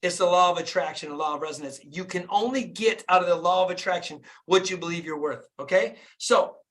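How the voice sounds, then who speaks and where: A man's voice: high-pitched, fairly quick, a bit bright. Fired-up man preaching on a video call. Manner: fired-up, preachy, repeats phrases for emphasis. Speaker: dentist and business coach hosting a group call. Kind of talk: motivational talk on a group video call.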